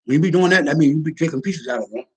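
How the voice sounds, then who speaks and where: A man's voice: a little high, racing, slightly rough, rough recording. A man talking in a casual, slangy rant, acting out little scenes as he goes. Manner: animated, slangy, acts out scenes. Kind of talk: casual ranting monologue.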